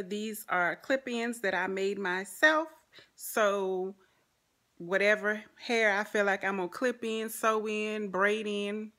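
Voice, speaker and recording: Pushed and bright, her medium-pitched voice carries a New Orleans accent as this vlogger in her forties talks casually to the camera. She's sassy and full of jokes, hailing from New Orleans, Louisiana.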